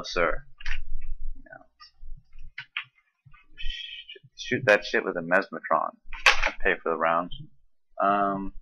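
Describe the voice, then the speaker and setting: Low-voiced Southern man from South Carolina. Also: gravelly, sharp tone, lo-fi sound. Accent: South Carolina Southern American. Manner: loose and profane, with frequent ums and restarts. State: coughing and tired. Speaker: vlogger doing an accent tag. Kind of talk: casual rambling chat.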